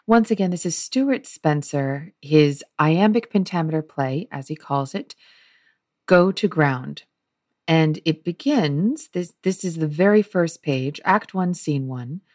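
A woman's voice: deep voice, animated, a little slow, darkish tone, no echo, studio quality. A woman teaching about verse drama, explaining as she thinks aloud. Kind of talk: lesson on play scripts.

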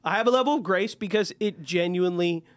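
A young adult man co-hosting a podcast, telling stories in a lively way and laughing often. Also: sits high, fast talker, no echo. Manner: animated storyteller, laughs often. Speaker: podcast co-host. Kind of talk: casual chat.

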